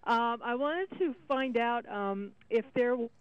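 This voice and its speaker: A woman's voice: on the high side, unhurried, no echo. A woman calling in to a radio show, polite and friendly, a little hesitant as she asks her question. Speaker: caller. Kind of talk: phone-in call. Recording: dull dry phone line.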